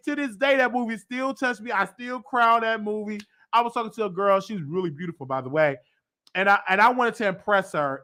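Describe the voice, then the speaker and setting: A man in his thirties hosting a casual talk show, telling stories in an animated way, acting out voices and breaking into song. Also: high voice. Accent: Southern US. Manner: animated storytelling, breaks into singing, acts out voices. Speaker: host. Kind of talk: casual chat.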